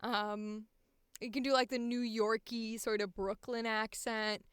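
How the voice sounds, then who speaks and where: A woman's voice: a little high, level tone, unhurried, fairly bright tone, clear, resonant tone, no room sound, studio quality. A young woman, a voice actor, chatting casually and bubbly on a livestream, rambling and laughing often. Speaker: voice actor streamer.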